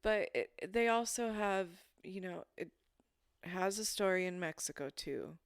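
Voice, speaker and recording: A woman's voice: medium pitch, animated, unhurried, smooth, no room sound, clean studio sound. A young adult woman co-hosting a podcast in casual chat, blunt and teasing, swearing freely. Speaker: podcast co-host.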